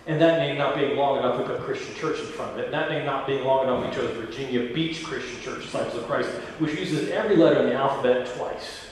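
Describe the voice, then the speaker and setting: A man's voice: mid-range voice, fast, few pauses, a little hiss or hum. Man preaching in an echoey church. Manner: conversational preaching with asides and quoted dialogue. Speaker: pastor. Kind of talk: sermon. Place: large church sanctuary. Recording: echoey church hall from far off.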